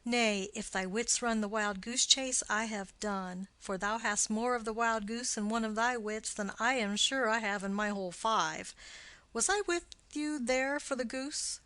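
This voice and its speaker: A woman reading the part of a witty, mocking young male nobleman in an audiobook, with quick, playful, teasing delivery. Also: on the high side, pushed and bright, no echo.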